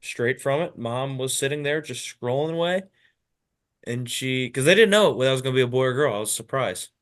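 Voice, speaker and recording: A man co-hosting a casual comedy podcast. He sounds laid-back and often answers with short, dry remarks. His voice sits in a middle pitch for a man. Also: expressive, a little fast. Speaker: co-host.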